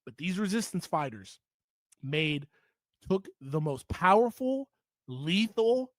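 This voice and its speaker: A man delivers an opinionated political commentary monologue in a high, expressive voice, speaking slowly with no echo. He is heated and emphatic, repeating points for stress.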